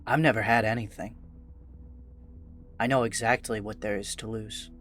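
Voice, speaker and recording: A man voicing a once-timid young male vampire who speaks softly and deliberately, with a quiet menace. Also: fairly low pitch, fairly even intonation, faint music behind, natural voice. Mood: cold. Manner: soft, hushed, deliberate.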